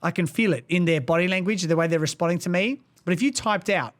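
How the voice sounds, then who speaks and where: A passionate, emphatic man co-hosting a casual podcast discussion. His voice sits high for a man. He leans hard into whatever point he is making. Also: quick pace. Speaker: podcast co-host.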